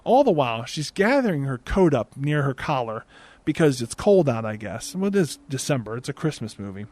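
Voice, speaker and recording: A young man recapping a movie in a sarcastic, exasperated comedic rant into a desk microphone on a boom arm, swearing now and then. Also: very animated, fairly quick, darkish tone. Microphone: desk mic on a boom arm.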